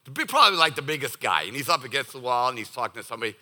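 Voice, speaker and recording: Lively, bright-voiced man preaching casually. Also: medium pitch, racing. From Boston area. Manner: animated and jokey, acts out listeners' voices. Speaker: pastor. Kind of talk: conversational sermon.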